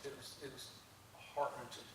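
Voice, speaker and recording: A man speaking from the front of a church, telling stories in a chatty testimony with plenty of restarts and little chuckles. His voice is bright and forward, picked up from a distance in a very echoey sanctuary with a faint hiss underneath. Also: mid-range voice, little pitch movement, normal speed. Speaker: guest speaker at a church service. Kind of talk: conversational testimony storytelling.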